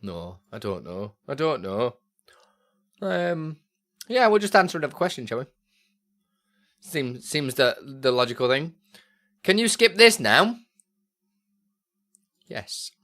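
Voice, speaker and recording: A man's voice: medium pitch, very animated, slow pace, pauses often, bright, forceful tone. A man streaming live, answering chat questions in a casual, rambling way with lots of fillers. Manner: rambling and easily sidetracked, with many fillers.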